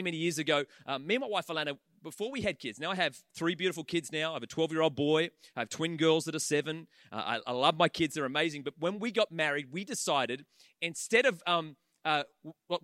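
A man of about forty delivers a sermon in a big auditorium, his voice high, bright and dry. He is an animated storyteller who keeps tossing playful asides at the listeners. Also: dry recording. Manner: animated storyteller, quick humorous asides to the crowd. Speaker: pastor. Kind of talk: sermon to a live audience. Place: large auditorium.

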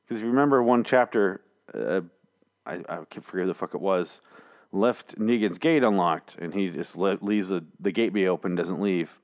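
A man's voice: deep voice, moderate pace, darkish tone. A man recapping comic chapters in a casual, rambling, sarcastic monologue, swearing freely and slipping into mock voices. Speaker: comic book reviewer.

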